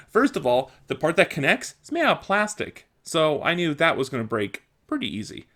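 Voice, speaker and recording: A man's voice: fairly high pitch, wildly swooping pitch, brisk, hardly any pauses, sharp tone. A young man venting in a casual vlog, exasperated and self-mocking, often laughing at his own frustration. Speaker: vlogger.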